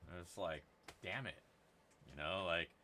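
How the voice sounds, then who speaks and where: A low, sharp-toned male voice at a measured pace. Running a gold prospecting giveaway on his channel, he keeps the livestream chat casual with crude, rambling banter.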